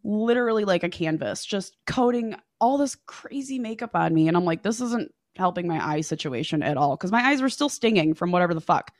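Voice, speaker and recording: A woman's voice: on the low side, brisk, few pauses, no echo, clean studio sound. Swearing woman telling a wild story. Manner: animated, swears freely, acts out quotes. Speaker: podcast guest. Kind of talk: casual storytelling chat.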